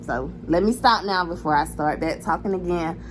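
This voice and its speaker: A woman's voice: fairly low pitch, moderate pace, slight background noise, rough recording. Chatty woman vlogger, candid and frank. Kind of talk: casual direct-to-camera vlog.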